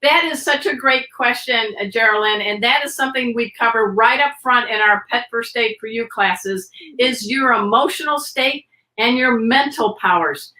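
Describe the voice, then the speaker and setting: A woman guest on a video podcast, teaching pet first aid with an energetic, demonstrative manner. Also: a little high, moderate pace. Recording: roomy echo.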